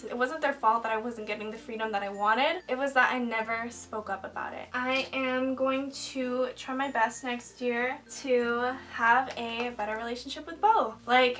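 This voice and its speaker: A woman's voice: a little high, a bit bright, recorded from a distance, rough recording. A woman in her twenties talking candidly while doing her makeup, heartfelt and rambling, choked up at times. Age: 20s. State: getting emotional, choked up. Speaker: beauty vlogger. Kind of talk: get-ready-with-me vlog chat. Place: indoors at home, doing makeup.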